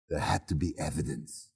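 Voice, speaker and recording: A man's voice: a bass voice, vocal fry, darkish tone, breathy edge. A man teaching, telling a personal story in an informal, storytelling way. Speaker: Human Design teacher. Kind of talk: talk to a group.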